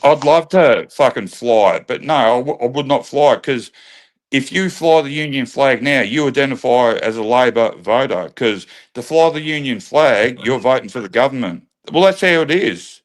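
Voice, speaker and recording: A man's voice: mid-range voice, lively intonation, moderate pace. An Australian man hosting a livestream, arguing heatedly, swearing and repeating himself as he lectures.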